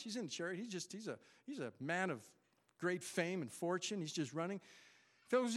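A man preaching a sermon to his church, animated and conversational, acting out Bible characters in quick voices. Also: high-pitched. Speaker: pastor.

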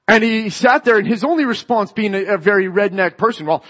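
A man's voice: high voice, a little fast, hardly any pauses, fairly bright tone. A Canadian man giving a sermon in a church, telling a story and often restarting phrases. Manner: storytelling, repeats words when starting a phrase. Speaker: lay preacher. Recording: dull echoey hall sound.

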